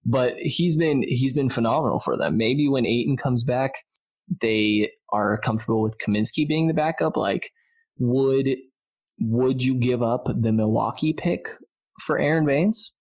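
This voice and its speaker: A man's voice: medium pitch, unhurried, a little mellow. Chatty man co-hosting a podcast. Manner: chatty, loose, lots of "like" and restarts. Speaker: podcast co-host. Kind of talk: casual sports podcast chat.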